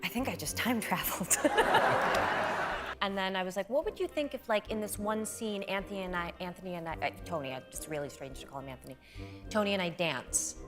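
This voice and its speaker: A woman's voice: on the low side, a little fast. Woman telling a story over music. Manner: acts out other people's lines in funny voices; laughs often mid-story. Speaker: talk show guest. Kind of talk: animated anecdote telling. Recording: music playing underneath.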